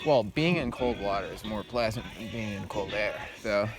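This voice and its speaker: A man with a fairly low voice speaks at a normal speed while vlogging on a predawn uphill walk outside, with music running underneath. He rambles casually, swears a lot, and fills his speech with ums and likes.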